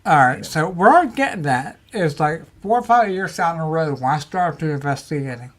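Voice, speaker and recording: A man, a guest on a talk show, telling paranormal stories in casual chat, animated and acting out quotes. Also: fairly high pitch, moderate pace. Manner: animated storyteller, acts out quotes.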